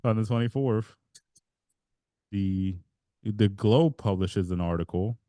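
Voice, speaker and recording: A man with a lowish, mellow voice speaks slowly while co-hosting a casual podcast, telling a wandering story that he keeps interrupting with laughter. There's no echo in the recording.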